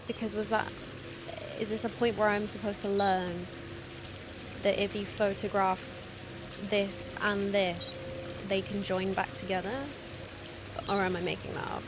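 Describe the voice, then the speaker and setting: A woman streams a video game with game music in the background, talking through its puzzles in casual commentary, thinking aloud and trailing off mid-sentence. Her voice is medium-pitched and unhurried, with little pitch movement.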